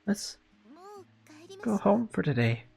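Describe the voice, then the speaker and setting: A woman voicing a kind older schoolgirl senpai who speaks softly and quietly, gentle but distant. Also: mid-range voice, very animated, slow, gravelly, voice pushed up, exaggerated voice. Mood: cool.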